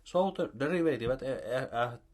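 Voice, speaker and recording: Male math lecturer, Finnish accent, slow and halting delivery with a varied pitch. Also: animated, a little mellow. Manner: slow, halting, with many fillers.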